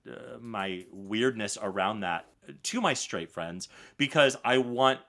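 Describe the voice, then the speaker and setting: Low, bright-voiced man, frank and joking. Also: slow pace. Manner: frank, joking, self-reflective. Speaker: podcast co-host. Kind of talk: casual chat.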